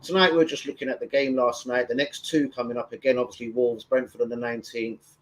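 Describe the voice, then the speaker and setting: A man's voice: mid-range voice, fairly even intonation, fast talker. A man, chatting loosely and swearing as he hosts a football fan live stream. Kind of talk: casual live stream chat.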